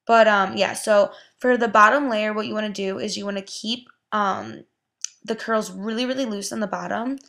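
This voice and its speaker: A woman's voice: mid-range voice, normal speed, fairly bright tone. A young woman giving a casual hair tutorial, chatty and full of "like" and "um". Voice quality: gravelly vocal fry. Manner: chatty, lots of "like" and "um". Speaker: beauty vlogger.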